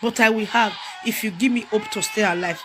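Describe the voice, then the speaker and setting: Crying into the camera, a young Nigerian vlogger with a Nigerian accent pleads for help again and again. Her medium-pitched voice moves fairly quickly, with music and other noise in the background.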